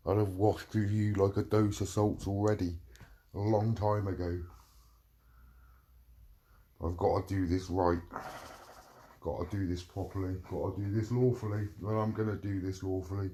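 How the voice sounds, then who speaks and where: A man's voice: sits low, little pitch movement, moderate pace, long pauses, warm tone, slight background noise. A middle-aged man delivering a heated, profane rant, repeating himself as he vents. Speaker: vlogger. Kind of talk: angry ranting monologue.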